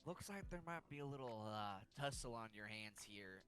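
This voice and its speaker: Man player at a tabletop game, earnest, halting, casual. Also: mid-range voice, expressive, a bit bright.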